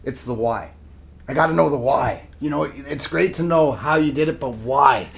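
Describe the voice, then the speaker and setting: A middle-aged man, a former hockey tough guy, telling animated stories in a casual chat. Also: moderate pace, creaky. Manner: animated, shifts pitch for dramatic storytelling. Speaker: podcast host, former hockey enforcer.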